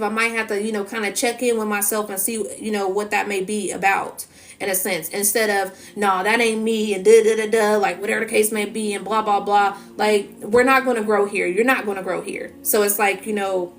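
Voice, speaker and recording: A woman talking to her viewers as a spiritual energy reader in a casual, emphatic monologue full of "you know" and "so it's like". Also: mid-range voice. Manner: emphatic, repetitive fillers.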